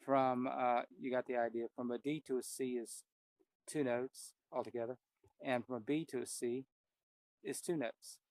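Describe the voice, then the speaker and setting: A man's voice: mid-range voice, steady tone, normal speed, no room sound. A man giving a casual ear-training lesson at the piano, naming the notes he plays and thinking aloud as he goes. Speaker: piano teacher. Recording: piano loud behind voice. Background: piano playing.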